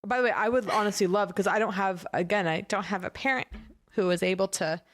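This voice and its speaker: A woman co-hosting a podcast in casual chat, telling stories with animated energy and acting out what other people said. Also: medium pitch, brisk. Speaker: podcast co-host.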